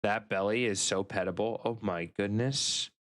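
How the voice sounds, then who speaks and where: A man's voice: lowish voice, normal speed, a bit bright. A man streaming live, chatting casually with his chat and cooing playfully over pet pictures in baby talk.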